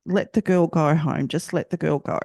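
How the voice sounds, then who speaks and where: An Australian woman voicing a distressed older mother pleading with her son, in a gravelly voice. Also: sits low, steady tone, normal speed, dark tone, no echo, clean studio sound.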